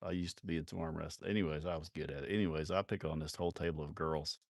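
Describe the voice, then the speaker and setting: A man's voice: very deep voice, steady tone, fast talker, dry recording, studio quality. A man telling rowdy, profane bar stories in a live stream, often laughing as he talks. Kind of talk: casual storytelling.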